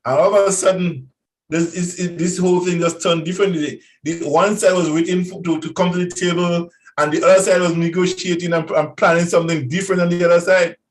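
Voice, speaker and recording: A man's voice: high-pitched, steady tone, brisk, low-quality recording. A man, a guest speaking earnestly in a casual radio interview. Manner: earnest, warning tone.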